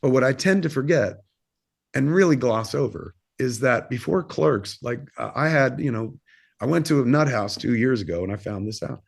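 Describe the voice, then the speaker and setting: A man in his fifties speaks as a guest on a podcast, telling a long personal story. He is open and unguarded, and he rambles through plenty of fillers and casual swearing. His voice sits at an ordinary middle pitch. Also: animated, normal speed, creaky. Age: 50s. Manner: candid and rambling, swears freely, lots of fillers.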